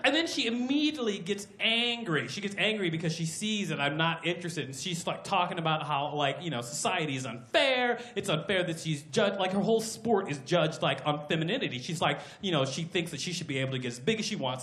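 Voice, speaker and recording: A man performing a stand-up comedy routine on a club stage, talking in excitable loud bursts and putting on voices for his characters. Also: sits high, fast, hardly any pauses, slight background noise. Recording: roomy live club sound, crowd laughter.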